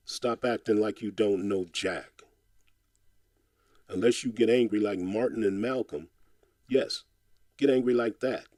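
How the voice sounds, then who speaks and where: Man with a low, dry voice. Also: no echo. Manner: rhythmic, insistent delivery with a repeated refrain; impassioned, exhorting tone. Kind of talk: spoken-word poem recital.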